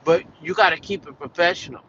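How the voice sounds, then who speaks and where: A man's voice: on the high side, fast talker, a bit bright, lo-fi sound, slight background noise. An American man venting in a casual, rambling vlog rant, peppered with "like" and "you know" and swearing. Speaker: vlogger.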